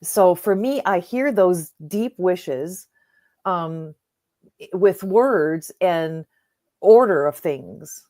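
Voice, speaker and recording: A middle-aged woman coach, a podcast guest, telling a personal story in an earnest, animated way and acting out the dialogue. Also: lowish voice, very slow. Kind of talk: conversational storytelling.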